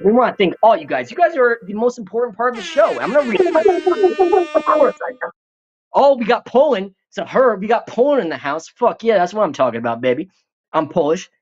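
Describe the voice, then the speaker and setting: A man's voice: a little high, highs cut off. A man hosting a live stream, reading viewer comments in a profane, rambling, joking way.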